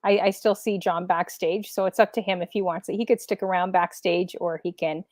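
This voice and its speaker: A woman's voice: on the low side, fairly even intonation, brisk, darkish tone, no room sound, studio quality. A woman hosting a live video stream, chatting casually and emotionally, rambling with many fillers. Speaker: livestream host. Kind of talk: casual livestream chat.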